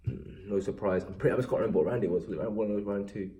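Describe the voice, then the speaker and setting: A man's voice: fairly low pitch, very fast. A young English man recapping fight results in a rambling, self-deprecating casual chat. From England. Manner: rambling, self-deprecating, animated when excited. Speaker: MMA vlogger.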